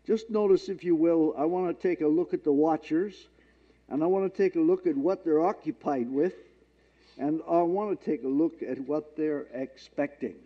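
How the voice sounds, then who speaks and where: Earnest man preaching a sermon. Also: fairly high pitch. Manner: earnest, halting preaching with slow drawn-out scripture reading. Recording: dull lo-fi recording.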